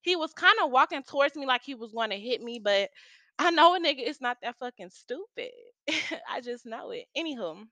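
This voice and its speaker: Bright, foul-mouthed young woman telling a story. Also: high-pitched, moderate pace, no echo. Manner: profane, slangy, animated storytelling. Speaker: storytime vlogger. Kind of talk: casual storytime chat.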